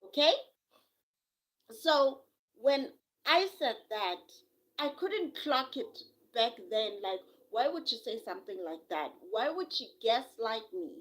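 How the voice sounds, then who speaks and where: Animated woman storytelling live. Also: a little high, takes it slowly, low-quality recording. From South Africa. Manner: animated, acts out quoted voices. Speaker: live streamer. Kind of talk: casual storytelling on a live stream. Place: home, quiet with a sleeping baby.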